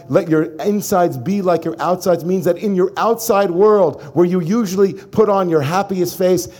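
Emphatic preaching man. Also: high-pitched. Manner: emphatic, animated, addresses listeners directly. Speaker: rabbi. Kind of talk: sermon to a congregation.

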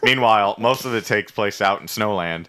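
Deep, bright-toned guy recapping casually. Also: normal speed, smooth. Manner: rambling, profane, playful recap with silly nicknames. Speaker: podcast co-host recapping an episode. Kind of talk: casual chat.

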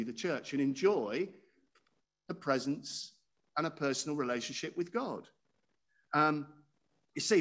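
Lively, animated male preacher. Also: a little high. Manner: conversational, asks the audience questions. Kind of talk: sermon.

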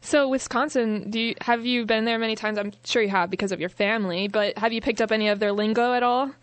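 Chatty young woman asking questions, kinda high voice, dry sound, giggles a lot. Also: fairly even intonation, fast talker, dry recording. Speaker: interviewer host. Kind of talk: casual interview chat.

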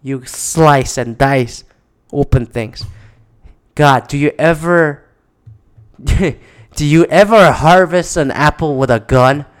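A man's voice: on the high side, slow pace, long pauses, clean tone. A man in a casual, rambling monologue, exasperated and swearing often.

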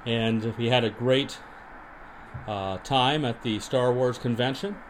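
A man hosting a podcast, deadpan and rambling with many restarts, in an improvised comedy monologue and mock interview. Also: mid-range voice, slow pace, a little hiss or hum. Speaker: podcast host.

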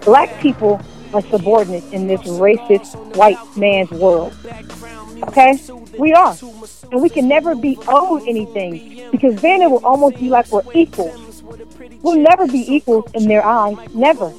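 A woman's voice: fairly high pitch, animated, moderate pace, darkish tone, soft background music, poor audio. A woman delivering an angry opinion rant, profane and emphatic, firing repeated questions at the listener. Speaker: commentator.

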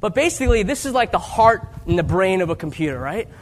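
A man around forty preaches as a guest speaker, his voice sitting fairly high for a man. He talks like he is chatting with the congregation, joking at his own expense. His delivery swings from quiet, hushed asides to raised, emphatic lines. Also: very animated, fast talker, a little hiss or hum. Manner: conversational storytelling with self-deprecating humor. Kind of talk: sermon.

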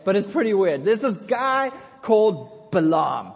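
A man's voice: sits high, sing-song, measured pace, few pauses. A man preaching a sermon in a casual, jokey storytelling manner, calling out to the congregation for responses. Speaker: pastor. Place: church. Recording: long church hall reverb.

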